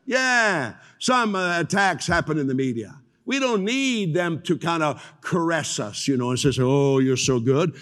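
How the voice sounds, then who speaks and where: An older man preaching a sermon as pastor, telling stories with animated acted-out voices. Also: on the high side, normal speed, hardly any pauses, big-room sound. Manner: animated storytelling, acts out voices.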